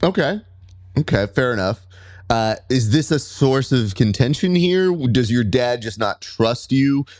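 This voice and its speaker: A man's voice: medium pitch, animated, unhurried, darkish tone, no echo, studio quality. A man hosting a casual interview, joking and telling stories as he asks questions. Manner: playful, joking storyteller. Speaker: podcast host.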